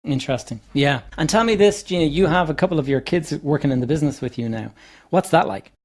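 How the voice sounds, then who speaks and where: A man's voice: on the high side, fast talker, a little mellow. A man hosting a podcast interview, reflecting on what his guest said and asking short follow-up questions. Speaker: podcast host.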